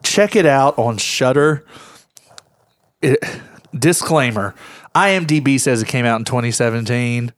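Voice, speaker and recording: A man co-hosting a casual horror-movie podcast, animated and quick to laugh as he lays out his picks. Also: medium pitch, dry recording, studio quality. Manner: animated, laughs often, relishes quoting lines. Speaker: podcast co-host.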